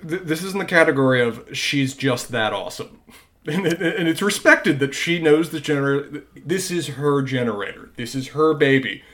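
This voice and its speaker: A measured man co-hosting a podcast analyzes a show in a casual recap chat. His voice is on the high side, fairly bright, with lively intonation.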